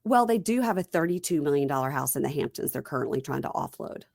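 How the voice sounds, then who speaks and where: A woman's voice: deep voice, expressive, quick pace, creaky, a little mellow, no room sound, studio quality. A woman hosting a podcast, chatting casually about reality TV and telling stories with quoted voices. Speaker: podcast host.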